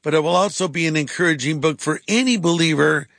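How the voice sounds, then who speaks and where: Pastor, male, higher-pitched, earnest radio preacher, dry booth sound. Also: fast talker, vocal fry, a bit bright, no echo. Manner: earnest, preacherly, emphatic repetition. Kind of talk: radio sermon talk.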